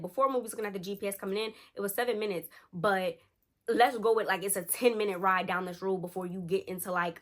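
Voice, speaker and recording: Animated woman telling a spooky story. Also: mid-range voice. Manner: animated, slangy, addresses listeners as y'all. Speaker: storytime vlogger. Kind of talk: casual storytelling to viewers.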